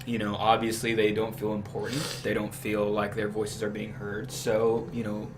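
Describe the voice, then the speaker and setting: A man's voice: fairly low pitch, monotone, normal speed, noisy background. A young adult man, a guest on a podcast, laying out his political views at length in an earnest, casual way. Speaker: podcast guest, new team member.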